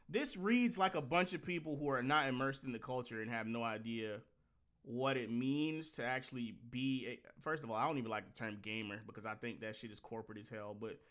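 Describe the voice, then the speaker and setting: A man hosting a reaction commentary, talking bluntly and scornfully with lots of swearing and sudden animated rants. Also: mid-range voice. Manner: animated rants with mocking outbursts. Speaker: host.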